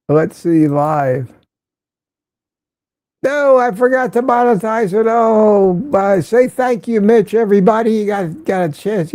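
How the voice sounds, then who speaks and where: An older man chats through a casual morning live stream, greeting viewers one by one and laughing easily. His voice is mellow and slightly high, recorded close and dry. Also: gravelly, dry recording. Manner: chatty, greets viewers by name, laughs often.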